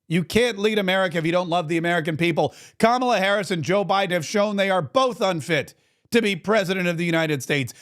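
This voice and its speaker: A man hosting a political commentary show, talking in an animated, indignant way and often repeating phrases. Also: high-pitched. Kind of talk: opinionated commentary.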